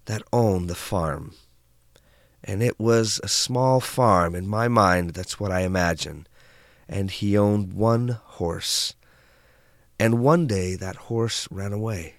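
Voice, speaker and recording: A man telling parables in a calm, reflective way, with unhurried, drawn-out phrasing and soft endings. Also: on the low side, no room sound, studio quality. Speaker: storyteller.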